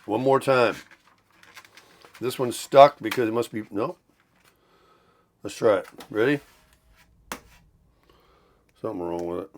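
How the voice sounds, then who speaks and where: A middle-aged man casually vlogging his morning routine. He rambles chattily to the viewers while cooking, drifting from one small story to the next in a relaxed, unscripted way. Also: lowish voice, slow pace, long pauses, slight background noise. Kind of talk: casual morning vlog chat. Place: home kitchen, RV.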